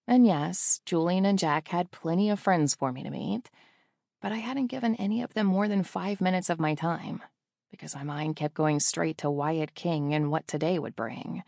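A woman's voice: lowish voice, normal speed, creaky, a little mellow, no room sound, studio quality. A woman narrating a first-person romance audiobook in an intimate, wistful way.

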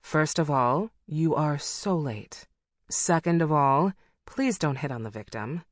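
A woman narrator voicing an icy-eyed older woman who hunts monsters, speaking calm, courteous and dry in an audiobook. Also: low voice, takes it slowly, dry recording, heavily acted. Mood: curt. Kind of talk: audiobook character voice.

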